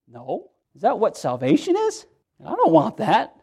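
A man's voice: high-pitched, wildly swooping pitch, moderate pace, a little mellow, slightly rough. Earnest man preaching a sermon. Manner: earnest, repetitive preaching with frequent restarts. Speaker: pastor. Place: church.

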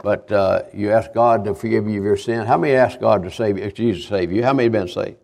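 An older man, a visiting evangelist giving a homespun sermon testimony, halting and repeating himself as he tells his stories. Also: lowish voice, fairly even intonation, creaky, a little mellow, a little hiss or hum. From Kentucky, USA. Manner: halting, repetitive, homespun storytelling.

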